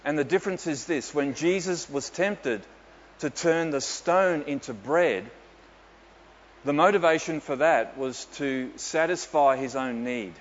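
A man's voice: a little high, measured pace, slight background noise. A man, a pastor telling stories with dry humour in a sermon. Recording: dull echoey hall with faint ambience.

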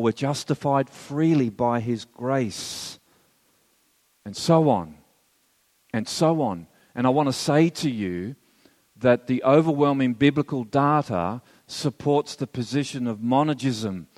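A man's voice: medium pitch, a little mellow, long reverb tail. A man teaching theology as a sermon, earnest and emphatic, with wry asides to his listeners. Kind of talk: sermon lecture.

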